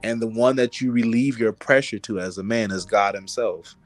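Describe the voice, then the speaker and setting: A man's voice: fairly low pitch, level tone, normal speed, no echo, soft background music. Earnest man talking on a panel. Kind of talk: casual chat.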